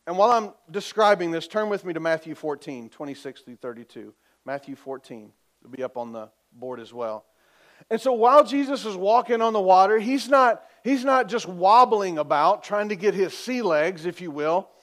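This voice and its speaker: A man preaching a sermon as pastor, telling the story vividly, asking for amens and dropping from loud to hushed. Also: high-pitched, normal speed. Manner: lively storytelling, swings between loud and hushed; asks the congregation for amens.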